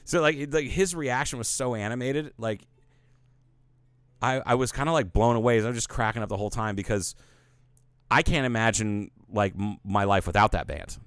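Profane, rambling man with a smooth voice. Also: mid-range voice, normal speed, no echo. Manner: rambling, profane storytelling with animated quotes. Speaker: podcast co-host. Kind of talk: casual chat.

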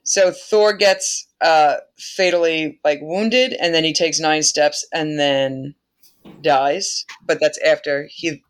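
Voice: mid-range voice, steady tone, slow pace. Laughing, irreverent myth-telling host. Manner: laughs often, irreverent, swears. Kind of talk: casual myth retelling.

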